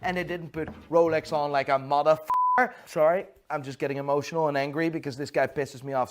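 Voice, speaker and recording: A man rants furiously about watches, swearing at nearly every turn. His voice is a little high and very lively, swinging up and down as he talks. A faint noise sits under the voice. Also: a little fast. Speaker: watch reviewer. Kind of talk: profane rant.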